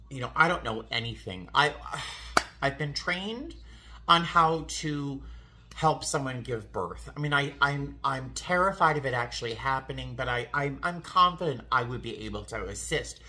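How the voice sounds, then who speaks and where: Bright-voiced man telling a story. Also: mid-range voice, moderate pace. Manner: animated, self-interrupting, laughs at himself. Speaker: flight attendant. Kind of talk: casual vlog storytelling.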